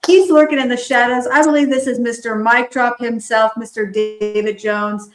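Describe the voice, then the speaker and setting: A woman's voice: fairly high pitch, steady tone, normal speed, faint music behind. A woman hosting a live online talk show, upbeat and cheering her guest on. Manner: enthusiastic, cheering. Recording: roomy echo.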